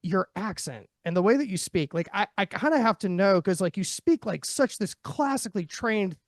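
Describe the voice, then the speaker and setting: A man's voice: high voice, animated, moderate pace, no room sound, studio quality. Chatty laughing male podcast host. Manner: chatty, laughs often, loose filler-heavy phrasing. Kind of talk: casual podcast interview.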